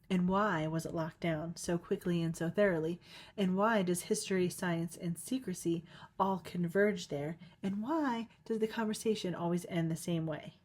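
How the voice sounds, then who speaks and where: Giggly rambling woman podcaster. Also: lowish voice. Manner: rambling, giggly, lots of "like" fillers. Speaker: podcast host. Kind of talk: casual solo podcast monologue.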